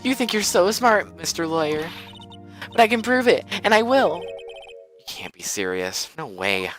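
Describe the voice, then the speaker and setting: Man putting on a high squeaky voice, sly bratty young witness, sing-song whining, game voice. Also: big pitch swings, a little slow, a bit bright, faint music behind, exaggerated voice. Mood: smug taunting.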